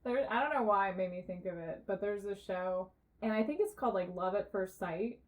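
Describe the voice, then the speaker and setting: A woman co-hosting a podcast, telling a story in casual chat, animated, laughing often and swearing freely. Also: medium pitch, a little fast, faint music behind. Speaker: podcast co-host.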